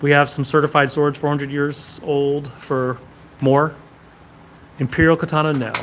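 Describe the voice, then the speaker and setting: Brisk man answering shop questions. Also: a little high, level tone, a little hiss or hum. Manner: brisk, answering questions one after another. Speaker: sword shop host reading live comments. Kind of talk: casual live stream.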